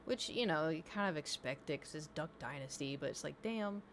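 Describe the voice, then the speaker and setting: A woman's voice: deep voice, expressive, brisk, slight background noise. Chatty woman streamer telling stories. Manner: rambling storyteller, talks to her cat. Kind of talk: casual stream chat.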